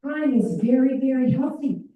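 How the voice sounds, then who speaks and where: An animated woman with a high, mellow voice speaks at a moderate pace during a parent workshop in a school meeting room, acting out children's voices. The mic is far away in an echoey room.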